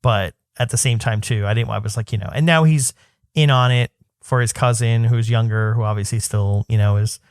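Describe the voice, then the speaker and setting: A man's voice: mid-range voice, steady tone, fairly quick, smooth, no echo, clean studio sound. A man in his thirties co-hosting a podcast, telling a long personal story in a rambling casual way with many fillers and restarts. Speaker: podcast co-host. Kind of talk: casual chat.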